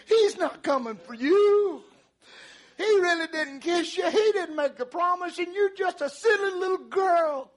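A male preacher acts out a jeering crowd of scoffers, taunting and belittling. The voice jumps up very high and drags its words out slowly, full of scorn. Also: expressive. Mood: mocking. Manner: sneering, belittling. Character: mocking scoffers taunting a young woman.

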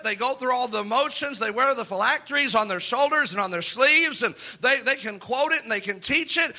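Fervent high-pitched male preacher. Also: bright, forceful tone. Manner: preaching with rising fervor, acting out quoted voices. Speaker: pastor. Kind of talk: sermon. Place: church.

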